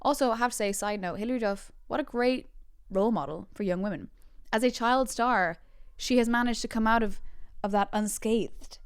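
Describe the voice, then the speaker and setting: A woman around thirty, hosting a podcast with bubbly, giggly storytelling and quick tangents. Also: a little high, clear, resonant tone, dry recording, studio quality. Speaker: podcast host. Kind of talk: casual chat.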